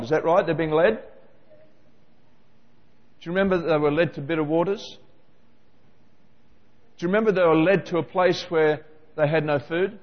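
A man preaching a sermon, animated and constantly questioning his listeners. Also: on the high side, in a large hall, highs cut off. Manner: animated, questioning the congregation directly.

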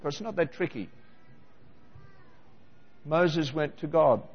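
Male preacher, high voice, questions the congregation, dull roomy hall sound. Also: takes it slowly, breathy edge. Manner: animated, questioning the congregation directly. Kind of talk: sermon.

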